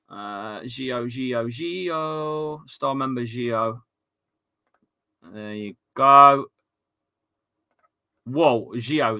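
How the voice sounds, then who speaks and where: A man hosts a live football watchalong, talking straight to his viewers in a loose, chatty way. His voice is bright and forceful, and he swings between easy banter and shouted, sweary outbursts at the play. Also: mid-range voice, clear, resonant tone. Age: adult with a young son. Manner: excitable, shouts and swears at the match, chats with viewers. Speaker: livestream watchalong host.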